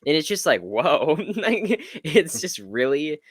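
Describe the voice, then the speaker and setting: Animated male podcast co-host. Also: a little high, measured pace, breathy edge, no echo, clean studio sound. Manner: animated, acts out quotes with swearing. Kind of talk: casual sports debate chat.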